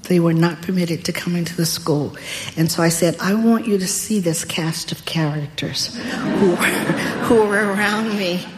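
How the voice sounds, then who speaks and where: An older woman telling a personal story in a deliberate, wry way. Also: lowish voice, a little hiss or hum. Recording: long hall reverb.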